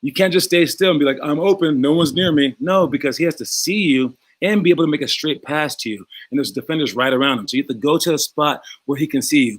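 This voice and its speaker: A basketball coach talks to his young players in a calm, easygoing way, slipping into the voices of people he quotes. His voice sits a little high for a man. The sound is dry and close, with no room echo. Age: adult past college.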